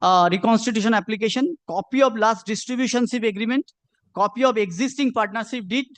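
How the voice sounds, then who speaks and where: Insistent high-voiced male advocate in court. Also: a little fast, fairly bright tone, no room sound. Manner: insistent, repeats "my lord" constantly. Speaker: advocate arguing a case. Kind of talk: courtroom legal argument.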